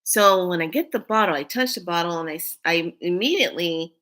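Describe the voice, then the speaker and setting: A woman hosting her own spiritual channel, telling a personal story in a casual, animated way, jumping from loud bursts to hushed asides. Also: on the low side, brisk.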